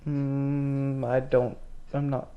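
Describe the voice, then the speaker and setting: Guy playing a tabletop game, casual hesitant talk, mid pitch. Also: completely flat delivery, drawn-out words, muffled recording. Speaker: player.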